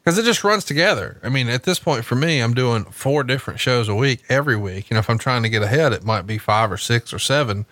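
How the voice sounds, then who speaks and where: Animated, swearing man on a podcast. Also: mid-range voice, fast, hardly any pauses, no room sound. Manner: animated storytelling, swears casually. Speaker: podcast host. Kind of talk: casual chat watching wrestling.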